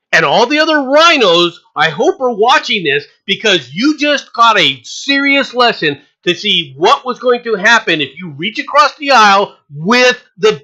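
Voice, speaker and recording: A political commentator delivers an emphatic rant, mocking opponents with scorn. The voice has a bright, cutting edge and a medium pitch. The speaker drives each point home by repeating it again and again. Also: poor audio. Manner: sarcastic and mocking, with scornful laughs.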